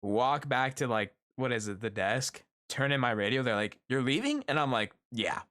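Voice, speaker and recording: Animated storytelling man streamer. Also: medium pitch, moderate pace. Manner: animated storytelling, acts out quoted coworkers. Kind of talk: casual chat with viewers.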